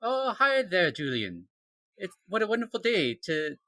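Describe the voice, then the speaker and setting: A man's voice: sits high, big pitch swings, a bit bright, no echo, exaggerated voice. Guy doing a cheery investigator, swoops all over, fumbling a fake accent. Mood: chipper. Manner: halting attempt at a put-on accent. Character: cheerful, courteous male investigator, tuneless whistler.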